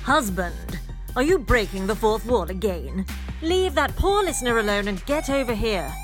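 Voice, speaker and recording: A woman's voice: fairly high pitch, expressive, moderate pace, over music, natural voice. A woman voicing a haughty, imperious queen of the gods who talks in a bossy, commanding way. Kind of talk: comedy audio sketch.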